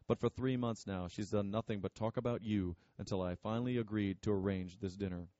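A man reading as a stern, pompous father with a gruff, scornful edge, in a low voice. The tone is warm and mellow rather than bright. The recording is dry and a little dull. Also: steady tone, a little fast, no room sound, close to an everyday voice.

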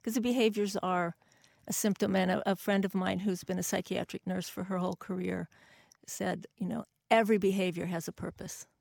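A woman's voice: mid-range voice, fairly even intonation, brisk, creaky, hardly any pauses, darkish tone, no room sound, clean studio sound. A woman guest on a radio talk show, an author and educator explaining her views earnestly.

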